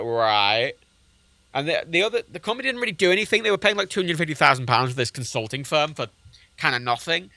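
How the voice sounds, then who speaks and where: A man's voice: a little high, creaky, pushed and bright, no echo. A man livestreaming a flight game, ranting sarcastically about local politics with lots of swearing. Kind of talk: casual gaming-stream rant.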